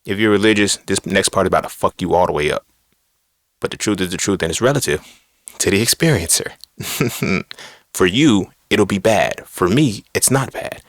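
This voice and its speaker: A man's voice: low voice, normal speed, dry recording, clean studio sound. A man hosting a podcast, giving a blunt, profane, preachy monologue full of rhetorical questions. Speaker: podcast host. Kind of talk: casual monologue on philosophy and religion.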